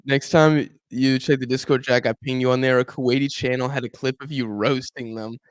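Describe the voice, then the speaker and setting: A man's voice: medium pitch, fairly quick, no echo. Chatty young man hosting a live stream. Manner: animated, talks to chat, acts out fans' complaints. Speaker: YouTube football watch-along host. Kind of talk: casual live-stream chat and match commentary.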